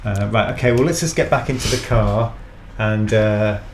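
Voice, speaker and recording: Rambling, polite comedy radio host. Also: male voice, on the low side, normal speed, slight background noise. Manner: polite, rambling with many fillers. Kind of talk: comic improvised radio chat.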